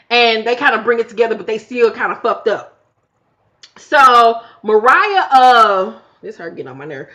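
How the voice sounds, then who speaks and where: Bright, profane woman recapping reality TV. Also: on the high side. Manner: animated, profane, acts out quotes. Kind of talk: casual episode review. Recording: dull lo-fi home recording.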